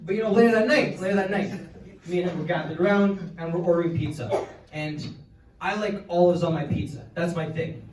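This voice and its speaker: On a comedy club stage, a twentysomething comedian from Canada delivers crude, meandering bits packed with fillers, his high voice brisk and darkish in tone. Laughter from the audience fills the roomy, distant recording.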